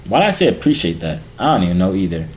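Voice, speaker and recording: A man's voice: sits low, big pitch swings, racing, background noise. A man hosting a casual reaction vlog, reading fan messages with playful, slangy, teasing asides.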